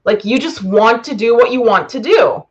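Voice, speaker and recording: A woman's voice: a little high, animated, moderate pace, muffled recording. A woman business coach talking bluntly to a live audience, swearing freely and rambling. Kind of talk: live-streamed masterclass.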